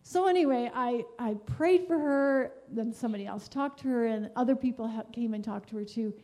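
A woman's voice: on the high side, brisk, warm tone. A woman giving a rambling, heartfelt personal testimony at a church gathering, full of fillers and restarts. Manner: meandering, many fillers and restarts; earnest and heartfelt. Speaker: church speaker sharing a devotion.

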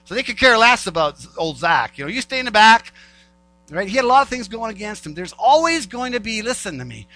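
Guy preaching a sermon, kinda high bright voice, repeats himself a lot, faint hum and music behind. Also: poor audio. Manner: conversational preaching, repeats phrases, acts out voices of doubters. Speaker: pastor.

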